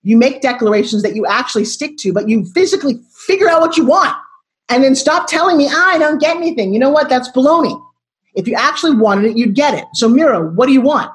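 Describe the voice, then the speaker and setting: A woman in her sixties, a motivational coach, talking bluntly and forcefully in an interview and pressing her guest with repeated questions. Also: high-pitched, expressive, fast talker. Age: 60s.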